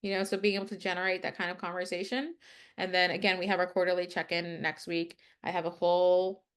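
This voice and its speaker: A woman's voice: lowish voice, level tone, quick pace, smooth. A young adult woman, an interview guest who works in people leadership, speaks casually and fills her talk with "like.". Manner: talkative, leans on "like" as a filler.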